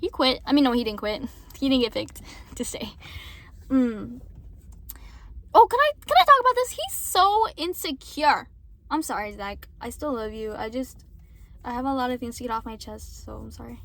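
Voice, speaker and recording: A woman's voice: a little high, sing-song, normal speed, a bit bright. A young woman venting to her viewers in a rambling, casual way, swearing often and then apologizing. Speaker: vlogger.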